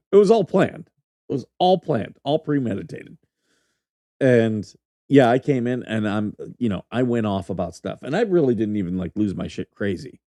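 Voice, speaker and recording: A man's voice: on the low side, sing-song, moderate pace, warm tone, no room sound. A middle-aged man hosting a podcast, telling rambling, profane stories and laughing through them. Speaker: podcast host, former military officer. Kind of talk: casual storytelling chat.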